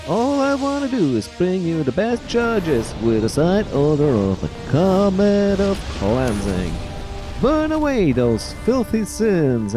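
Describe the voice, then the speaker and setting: A man's voice: on the high side, voice pushed up, full character voice. A man putting on a flamboyant, theatrical character voice, camp and over the top.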